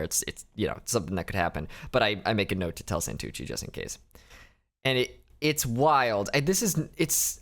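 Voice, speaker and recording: A young adult man narrating a casual recovery diary vlog, candid and rambling, often breaking off with small laughs. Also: mid-range voice. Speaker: vlogger.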